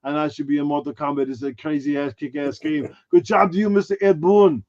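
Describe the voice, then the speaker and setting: A man's voice: high-pitched, fairly even intonation, fairly quick, creaky, breathy edge, highs cut off, exaggerated voice. A man putting on the voice of a boastful action-movie star, bragging crudely while chatting on a podcast. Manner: brash, crude, self-promoting bragging. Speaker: guest impressionist. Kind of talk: podcast chat in character.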